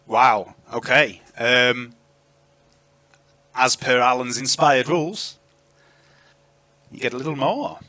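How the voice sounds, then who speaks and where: Lively bright-voiced male game master. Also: mid-range voice, slow, long pauses, dry recording. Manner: lively, chatty, filler-heavy. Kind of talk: narrating a tabletop game.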